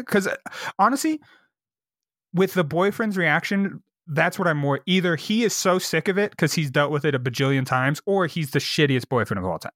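A man co-hosting a podcast, telling a work story in casual chat, animated and swearing, acting out the people he quotes. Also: high voice, dry recording, clean studio sound. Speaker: podcast co-host.

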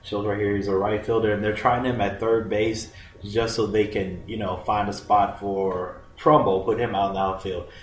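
A man's voice: lowish voice, flat delivery, normal speed, a little hiss or hum. A man co-hosting a casual sports podcast, chatty and rambling, who often cuts himself off mid-sentence. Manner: chatty, rambling, self-interrupting. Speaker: podcast co-host, sports analyst. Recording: echoey room.

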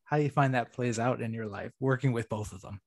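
A male podcast host with a gravelly edge to his mid-range voice. He talks in a halting, searching way, full of pauses and fillers, as he works toward his question. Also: mid-range voice. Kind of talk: casual interview.

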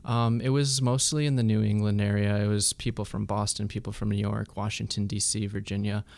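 A young man with a low, gravelly voice answers interview questions in a flat, even tone. He pauses often and fills gaps with ums. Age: young adult. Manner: hesitant, many ums and uhs. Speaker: student activist guest.

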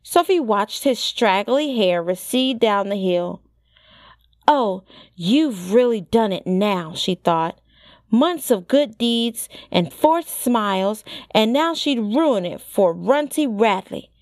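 A woman narrating a storybook in a measured, expressive reading style. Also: a little high, no echo, studio quality. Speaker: audiobook narrator.

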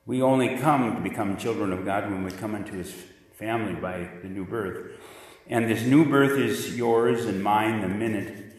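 A man preaching a sermon as pastor, with emphatic delivery that repeats key words. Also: lowish voice. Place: church. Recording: echoey church hall from far off.

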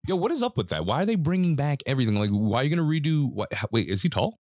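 A man's voice: mid-range voice, no room sound, clean studio sound. A man co-hosting a casual podcast chat, telling stories animatedly with frequent laughs and long asides, coughing now and then. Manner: animated storyteller, laughs often, drawn-out asides. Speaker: podcast co-host. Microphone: own desk mic with mute button.

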